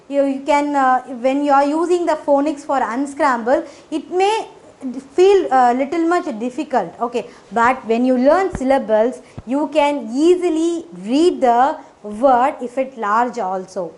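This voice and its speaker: Woman, phonics teacher, slightly high voice, casual explaining, many fillers, non-native grammar. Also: a little mellow. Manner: frequent fillers, repeats "okay" and "isn't it".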